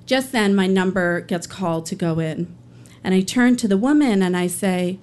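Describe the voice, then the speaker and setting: A woman's voice: on the low side, normal speed, a little mellow, a little hiss or hum. A woman telling a true personal story on stage, earnest and acting out the people she quotes.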